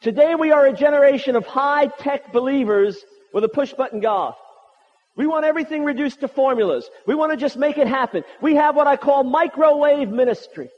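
A man's voice: extremely high pitch, fairly quick. A man preaching a sermon with prayer, impassioned and emphatic, repeating his points. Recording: dull sound with long hall reverb.

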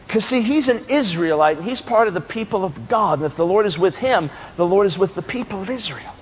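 A preacher from New York delivering an impassioned sermon that builds to shouted questions. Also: male voice, sits high, expressive, brisk, few pauses, a little hiss or hum. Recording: long hall reverb.

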